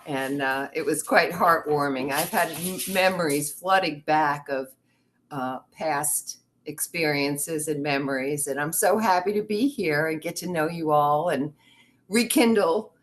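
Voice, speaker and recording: A woman's voice: low-pitched, a little slow, slight background noise. A woman visiting a club meeting as a former member, introducing herself in a friendly, chatty way. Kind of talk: casual self-introduction.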